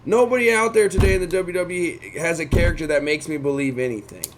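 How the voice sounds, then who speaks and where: A man's voice: a little high, fast talker, noisy background. Blunt, swearing man podcast co-host. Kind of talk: casual podcast chat.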